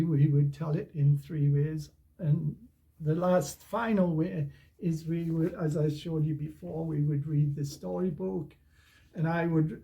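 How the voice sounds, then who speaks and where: Mellow, rambling older man. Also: fairly high pitch, gravelly, low-quality recording. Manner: relaxed and rambling, many restarts. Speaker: storytelling teacher. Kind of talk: casual how-to explanation.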